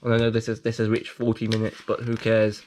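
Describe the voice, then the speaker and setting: A man hosting a video, reading a leaflet aloud with jokey commentary, playful and prone to sudden excited outbursts. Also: fairly low pitch, fast talker, slight background noise. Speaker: video host.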